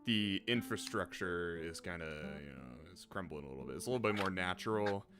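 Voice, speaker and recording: A young man narrating a tabletop game as game master, relaxed and rambling, laughing often. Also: sits low, fairly quick. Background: background guitar music.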